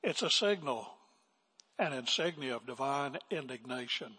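An older man preaching a sermon as pastor, swinging from emphatic declarations to hushed asides. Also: medium pitch, animated, normal speed, breathy edge. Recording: long reverb of a large hall.

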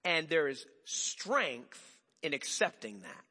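A male pastor preaching a sermon in an animated way, asking the congregation rhetorical questions. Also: on the high side, takes it slowly, breathy edge. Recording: long hall reverb.

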